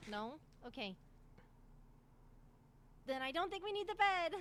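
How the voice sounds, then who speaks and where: A woman's voice: very high-pitched, big pitch swings, unhurried, fairly bright tone, slight background noise. A woman improvising a healer in a roleplay, anxious and apologetic, stammering and repeating herself. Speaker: roleplay streamer playing a healer.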